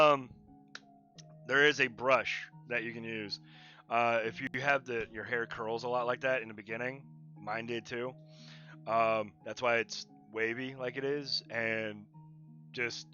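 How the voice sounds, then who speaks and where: Chatty streamer man, bright voice. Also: mid-range voice, fairly even intonation, takes it slowly, pauses often, highs cut off, faint music behind. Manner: rambling, chatty, laughs often. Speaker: livestreaming digital artist. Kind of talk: casual chat while drawing on stream.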